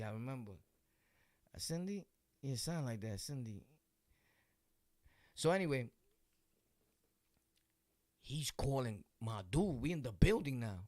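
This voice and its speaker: A young man with a New York accent tells street stories in loose, slang-heavy talk. He laughs often and acts out the voices of people in them. His voice is gravelly, and the recording is dry and close. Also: medium pitch, a little mellow, dry recording. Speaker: vlogger telling true stories. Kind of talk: casual street storytelling.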